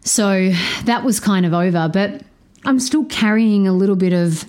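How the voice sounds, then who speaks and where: A woman hosting a podcast, telling a personal story candidly, swearing freely and shifting her pace, sounding low on energy. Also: normal speed, smooth. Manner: animated, changes pace often. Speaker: podcast host.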